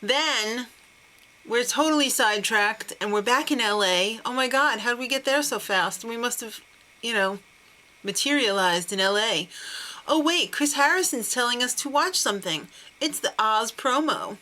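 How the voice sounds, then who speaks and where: A woman's voice: fairly high pitch, lively intonation, normal speed, bright, forceful tone. A woman hosting a casual TV recap, sarcastic and laughing often. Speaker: TV recap host.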